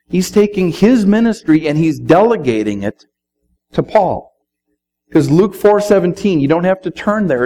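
A man's voice: on the high side, dark tone, a little hiss or hum, poor audio. Man preaching a conversational sermon. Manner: conversational preaching, quotes scripture. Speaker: pastor.

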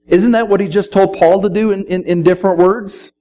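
A man's voice: high-pitched, steady tone, fairly quick, few pauses, mellow, rough recording. A middle-aged man preaching a sermon, speaking conversationally and quoting scripture. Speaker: pastor.

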